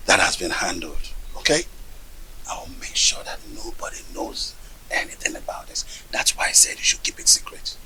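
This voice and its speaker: Wicked Nigerian uncle, hushed conspiratorial whisper, slow drawn-out delivery, sharp bright tone. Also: male voice, rumbling low, lively intonation, full character voice, rough recording. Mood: reassuring. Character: scheming wicked uncle plotting in secret. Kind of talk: Nollywood film drama.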